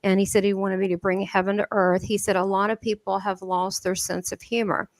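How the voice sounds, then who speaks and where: A woman's voice: mid-range voice, a little fast, dry recording. Chatty Southern woman, dry close sound. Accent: Southern American. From southern United States. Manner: lively, laughs often, quotes dialogue with many restarts. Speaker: guest medium. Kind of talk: animated storytelling in an interview.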